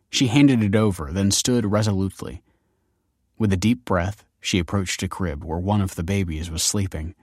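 A man narrating a story in an expressive audiobook style. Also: sits low, dry recording, studio quality.

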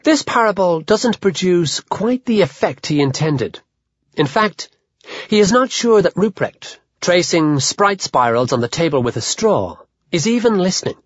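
A man narrating a literary audiobook in a measured, even manner. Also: high-pitched, dry recording. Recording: dull lo-fi dry audio.

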